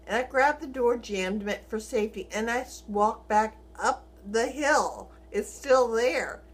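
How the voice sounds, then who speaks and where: A middle-aged woman vlogging, telling a personal story in a lively way and acting out the dialogue. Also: fairly high pitch, moderate pace. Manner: animated, acts out quoted dialogue, chuckles while telling.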